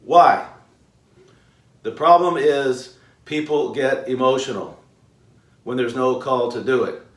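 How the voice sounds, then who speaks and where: A man hosting a self-help video, lecturing emphatically with rhetorical questions and drawn-out pauses. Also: mid-range voice. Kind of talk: motivational lecture to camera. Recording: roomy echo, mic far off.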